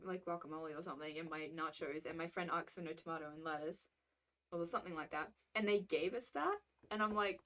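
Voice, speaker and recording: Chatty young woman streamer. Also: medium pitch. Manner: chatty, rambling, laughs often. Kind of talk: casual chat reacting to stories.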